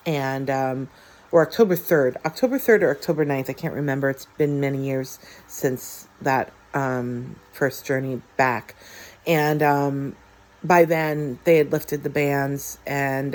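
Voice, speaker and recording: A woman in her forties from the United States with a low-pitched voice tells a story from her own life. She speaks haltingly and from the heart, breaking off often with fillers and restarts. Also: a little mellow. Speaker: vlogger. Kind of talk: personal storytelling.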